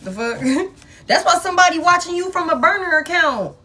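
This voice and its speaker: A woman's voice: very high voice, brisk, sharp tone. A woman tarot reader, chatting casually to viewers, laughing often and swearing as she acts out the people in her reading. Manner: laughing, profane, playfully acts out quoted people.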